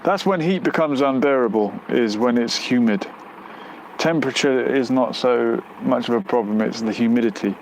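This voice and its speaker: A man's voice: medium pitch, normal speed, a little hiss or hum, poor audio. A man hosting a casual live stream outdoors near a road, reading out viewer comments and musing aloud with lots of fillers. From United Kingdom.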